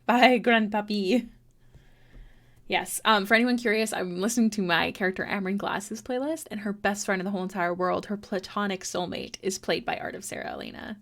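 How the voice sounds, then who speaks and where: A woman's voice: medium pitch, a bit bright. Chatty, encouraging woman streamer. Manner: chatty, encouraging, quick to laugh, swears casually. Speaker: artist streamer. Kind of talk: casual chat while drawing on a livestream.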